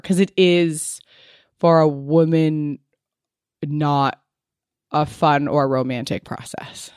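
A woman's voice: sits low, normal speed, a little mellow, no echo. Woman, 30s, frank guest who rambles through personal chat; dry, close sound. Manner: frank, rambling, heavy use of "like".

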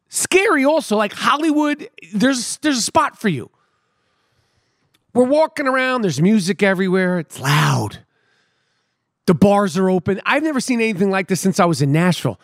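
A man's voice: high-pitched, normal speed, no echo, clean studio sound. A middle-aged man, hosting a podcast and telling a comic story with emphatic repetition and street slang. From New York City. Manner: animated, emphatic, repeats words for effect, street slang. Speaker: podcast host. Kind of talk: comedic storytelling monologue.

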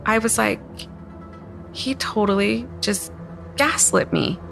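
Gravelly-voiced woman recounting her ordeal. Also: medium pitch, takes it slowly, fairly bright tone, soft background music. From Utah, US. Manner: candid, retelling with many quoted asides. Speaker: interviewee. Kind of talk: emotional personal testimony.

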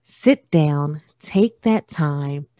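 A woman's voice: deep voice, lively intonation, extremely slow, warm tone, no echo, clean studio sound. A woman in her thirties hosting a solo podcast, talking earnestly about parenting and repeating phrases for emphasis. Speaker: podcast host. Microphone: studio microphone.

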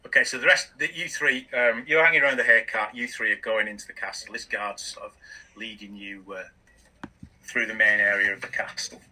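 A man narrating as game master of a tabletop game, halting, with many restarts. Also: on the low side, steady tone, sharp tone, far from the mic, poor audio.

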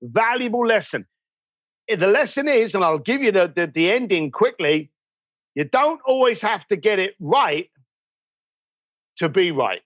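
A man speaking as a podcast guest, animated and storytelling, acting out quoted dialogue as he explains. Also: sits high, measured pace, pauses often, dry recording, highs cut off. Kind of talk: conversational podcast interview.

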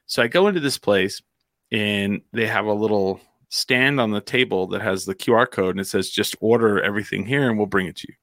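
A man's voice: on the low side, brisk, fairly bright tone, no room sound, studio quality. A man from New Mexico telling a long story in casual chat, rambling with fillers and acting out quotes.

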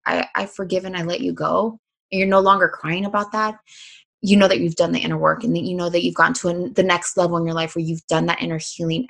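Her voice is low and gravelly as she chats casually as a guest on a podcast. Upbeat and emphatic, she curses without restraint, and her lively energy swings from calm to excited.

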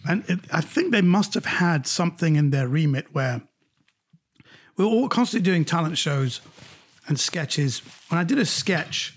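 A middle-aged man from England, an actor guest telling lively anecdotes in casual conversation. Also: fairly high pitch, moderate pace, breathy edge. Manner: lively, animated storyteller.

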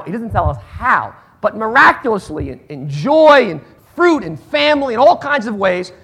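A man preaches a sermon with great animation. His voice sits high and leaps around, and it has a gravelly, husky texture. He drops into hushed asides and then rises into loud, emphatic bursts. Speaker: pastor.

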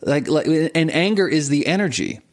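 Speaking at a normal speed with a slightly high voice, this man coaches entrepreneurs on breath and intention. His tone is relaxed and chatty, punctuated by frequent chuckles and words he repeats as he gathers his thoughts.

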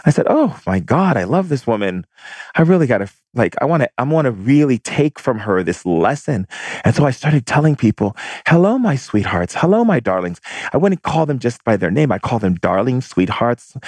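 A man with a low, husky voice giving an inspirational monologue. He speaks in an emphatic, theatrical way and draws out words with affection. The sound is dry and close to the mic. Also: darkish tone, no echo.

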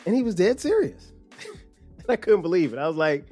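A man, hosting a podcast and telling a story in a casual, animated way with lots of laughter. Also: high-pitched, faint music behind. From South Carolina. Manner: animated, laughs often, quick restarts. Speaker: podcast host.

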